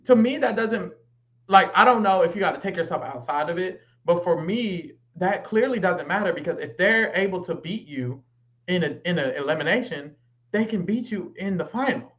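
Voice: mid-range voice, expressive, moderate pace, a bit bright, lo-fi sound. A podcast co-host in casual chat who is blunt and emphatic and repeats points for weight. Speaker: reality show recap co-host.

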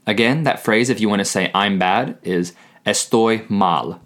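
A man with a somewhat low voice reads a scripted beginner Spanish lesson for his podcast. He speaks slowly and carefully, repeating each phrase twice so listeners can follow. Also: fairly bright tone. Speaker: Spanish teacher, podcast host.

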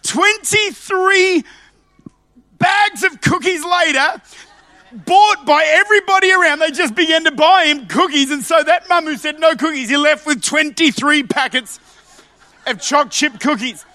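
A male preacher giving a passionate sermon who swings from loud shouting to quiet asides and often repeats words as he goes. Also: very high voice, measured pace, no room sound.

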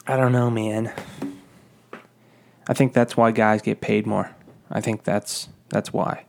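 A young man ranting casually, telling a profane, rambling, exasperated story about a fast-food job. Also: fairly low pitch, flat delivery, vocal fry, a little hiss or hum.

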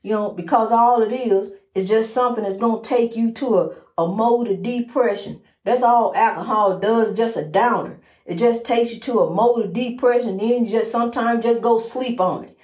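A woman's voice: a little high, moderate pace, hardly any pauses, a little mellow. A woman giving a daily inspirational testimony in a preacherly, repetitive, encouraging way, with many fillers. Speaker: motivational speaker. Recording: roomy echo.

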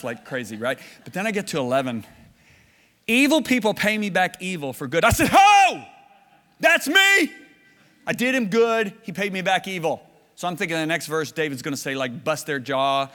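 A man preaching a sermon, telling stories and swinging from low, hushed lines to loud shouted bursts. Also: in a large hall.

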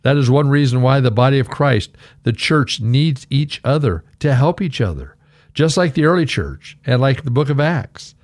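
A middle-aged male pastor giving an earnest radio devotional, telling stories and slowly reciting scripture. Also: mid-range voice, expressive, no echo. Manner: earnest, warm storytelling with slow scripture recitation.

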